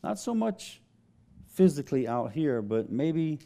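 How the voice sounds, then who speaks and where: A man's voice: a little high, sing-song, a little slow, gravelly, dark tone. A man preaching a sermon as pastor, telling stories conversationally and laughing often.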